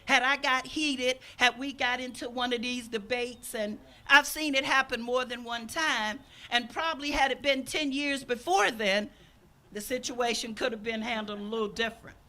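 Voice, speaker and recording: An older woman preaches a sermon at an outdoor service, telling a personal story in an earnest way. Her voice is bright and sits fairly high, and she acts out the people she quotes. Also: fairly even intonation, moderate pace. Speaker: minister.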